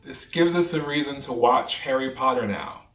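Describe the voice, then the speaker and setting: A man's voice: mid-range voice, normal speed, fairly bright tone, distant mic. A man in his twenties animatedly retelling a true story, dramatic and full of asides. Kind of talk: storytime vlog. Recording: roomy echo, off-mic, faint music.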